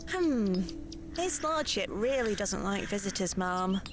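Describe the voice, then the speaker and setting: A woman's voice: mid-range voice, lively intonation, slow, noisy background. An actress playing a worried young servant girl in an adventure game, speaking politely. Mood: anxious. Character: young servant girl waiting for milk, anxious.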